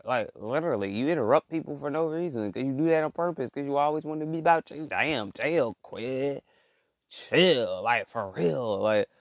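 A man doing a comedic rant monologue, rambling and slangy, full of fillers and restarts, jumping from low mumbles to loud outbursts. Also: gravelly, dry recording, studio quality.

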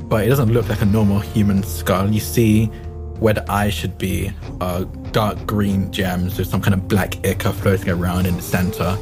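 A man with a fairly low voice, playing a tabletop game. He describes his character's change at length in a chatty, rambling way, full of fillers and laughs. Music plays clearly under his voice. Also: little pitch movement, normal speed. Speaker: player.

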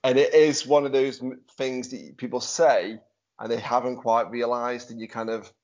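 A man's voice: medium pitch, fairly even intonation, normal speed, darkish tone. Chatty Stoke man hosting a podcast. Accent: Stoke-on-Trent English. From Stoke-on-Trent, England. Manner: chatty and laughs easily. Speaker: podcast host. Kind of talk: casual chat. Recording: dull lo-fi audio.

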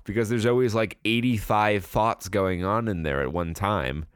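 A man's voice: fairly low pitch, moderate pace, smooth, no echo, clean studio sound. A man co-hosting a podcast in casual chat, rambling and sarcastic, swearing freely. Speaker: podcast co-host.

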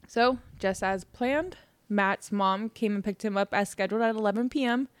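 A woman's voice: medium pitch, moderate pace, smooth, dry recording. A woman co-hosting a podcast, telling a true crime story in casual, chatty talk, laughing often and swearing. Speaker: podcast co-host.

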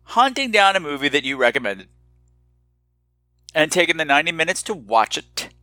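A man hosts his own podcast in a theatrical, teasing monologue, his voice lively and swooping. It rings bright and forward. The recording is dry and close, with no room sound. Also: a little high, normal speed, dry recording. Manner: animated and theatrical, mock-menacing. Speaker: podcast host.

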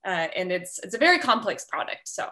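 A woman's voice: on the low side, sing-song, a little fast, bright, forceful tone. A woman talking as a podcast guest, explaining at length in a friendly way, with ums and light laughs. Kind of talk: casual interview chat.

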